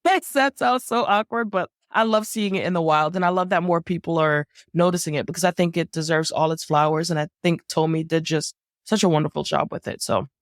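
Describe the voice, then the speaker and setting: A woman's voice: on the low side, brisk, no echo, studio quality. A young adult woman co-hosting a book podcast, gushing in casual chat and laughing often. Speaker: podcast co-host.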